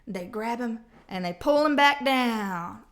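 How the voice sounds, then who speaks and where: A woman's voice: a little high, lively intonation, takes it slowly. A woman giving a casual tarot reading at home, talking bluntly with slang and plenty of swearing. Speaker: tarot reader. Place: home with a cat.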